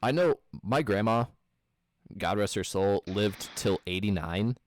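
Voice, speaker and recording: Young midwest guy, low-ish voice, loose sweary storytelling, lots of "like". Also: lively intonation, unhurried, slight background noise. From American Midwest. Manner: rambling storyteller, swears a lot, many fillers. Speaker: podcast co-host telling a work story. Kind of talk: casual chat.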